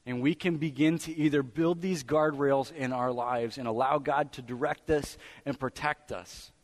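A man's voice: medium pitch, fairly even intonation, normal speed. A man preaching a sermon as pastor, building emphasis through repetition.

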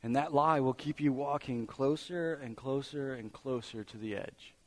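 A man's voice: mid-range voice, moderate pace. Emphatic male preacher. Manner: emphatic, repetitive build-ups. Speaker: pastor. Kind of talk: sermon.

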